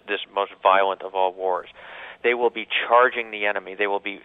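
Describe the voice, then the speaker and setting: A man, an author guest on a radio call-in show, telling history as a vivid, dramatic story and repeating words as he starts. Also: fairly low pitch. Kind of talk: phone interview, vivid storytelling. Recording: tinny phone line.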